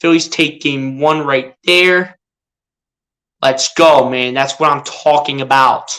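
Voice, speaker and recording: A young man giving casual fan play-by-play of a baseball game, excitable and pleading with the players. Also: mid-range voice, slow pace. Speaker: fan streaming live play-by-play.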